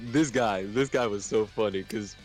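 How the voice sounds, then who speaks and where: A young man hosting a casual chat, telling stories with animated acted-out shouts and quotes. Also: fairly low pitch, measured pace, faint music behind. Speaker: host.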